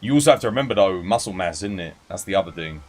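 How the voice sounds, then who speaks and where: A man's voice: sits low, lively intonation, racing. A man live-streaming a game, chatting casually, greeting viewers by name and explaining game mechanics. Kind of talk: casual live-stream chat and gameplay tips.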